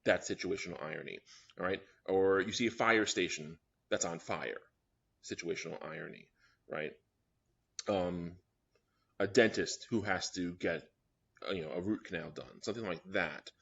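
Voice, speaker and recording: A man with a lowish, bright voice lectures a young writers' class, walking through each point and checking in with "all right?" after each one. The recording sounds dull and lo-fi. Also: moderate pace, creaky, breathy edge. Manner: explains step by step, often checking in with "all right?". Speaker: writing workshop teacher.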